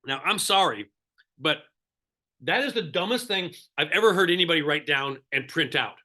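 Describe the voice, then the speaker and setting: A man coaching real estate agents in a live online seminar, animated and sarcastic, often asking the audience questions. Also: a little high, normal speed.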